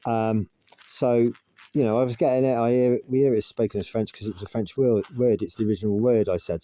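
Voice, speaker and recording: A man's voice: on the low side, fast, dark tone. A man casually recounting an argument with an AI, rambling and pushing back. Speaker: vlogger.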